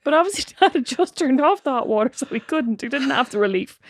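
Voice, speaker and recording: A woman's voice: high voice, animated, quick pace, no echo, clean studio sound. A woman in her thirties co-hosting a podcast, telling a family story with lots of laughter. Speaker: podcast co-host. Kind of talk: casual chat.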